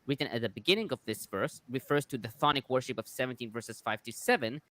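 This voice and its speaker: Male scholar reading source notes, steady and careful, dry close sound. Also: medium pitch, dry recording. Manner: measured, cites sources in detail. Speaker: scholarly commentator.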